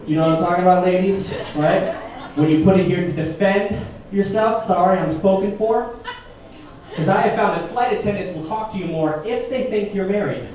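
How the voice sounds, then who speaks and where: A man's voice: high-pitched, far from the mic. A man in his thirties doing a punchy stand-up set at a comedy club, asking the crowd questions. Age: 30s. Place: comedy club stage before a laughing crowd. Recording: echoey club recording from afar, loud noise.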